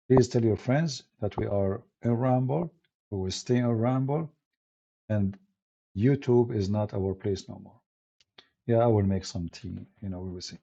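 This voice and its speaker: A man with an Arabic accent holds forth on a live stream in an emphatic, combative monologue, often breaking off and restarting his phrases. His voice is gravelly and husky, with a dark, mellow tone. The stream audio sounds dull and lo-fi. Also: on the low side. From Middle East. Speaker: apologist hosting a live stream.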